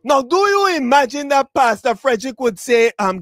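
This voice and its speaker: A man preaching a funeral sermon, addressing the mourners directly, repeating his words and building to shouted, drawn-out phrases. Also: extremely high pitch, sing-song, no room sound. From Tobago.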